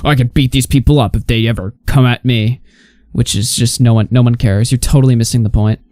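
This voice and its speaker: A man hosting a casual podcast, telling a story with lively energy and mocking other people's posts. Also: mid-range voice, brisk, no echo, clean studio sound. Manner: animated storytelling, mocking others' tweets in put-on voices. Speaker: podcast host.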